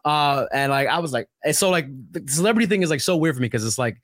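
A young man from Brooklyn, rambling in a casual podcast chat, full of "like" and quick asides. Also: on the high side, dry recording, clean studio sound. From Brooklyn, New York. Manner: rambling, animated, heavy on filler "like".

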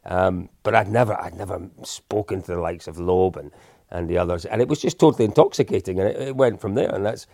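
A man in his 50s, a podcast co-host, talks quickly in a low, gravelly yet mellow voice, recorded at studio quality with no echo. He chats casually and tells anecdotes, poking fun at himself and often restarting his sentences.

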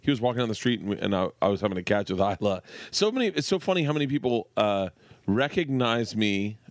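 A man's voice: fairly low pitch, fast talker, no room sound, studio quality. A middle-aged man, a guest comedian, telling stories in casual chat and acting out the people he quotes. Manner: animated, acts out quotes in shifting voices.

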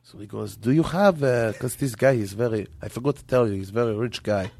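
A man's voice: medium pitch, fairly quick, vocal fry, slight background noise. A man telling a joke on a podcast, laughing and acting out the characters' voices. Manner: animated, laughs through his own telling, acts out voices. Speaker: comedian guest.

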